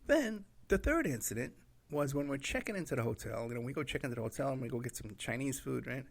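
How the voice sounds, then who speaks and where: A man's voice: mid-range voice, lively intonation, quick pace, creaky. A man telling a rambling road trip story in a casual way, laughing at his own anecdotes and acting out what people said.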